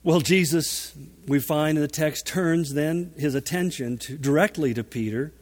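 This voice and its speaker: A man preaching a sermon, animated and emphatic, with dramatic shifts in volume. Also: a little high, unhurried. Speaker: pastor. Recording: long reverb of a large hall.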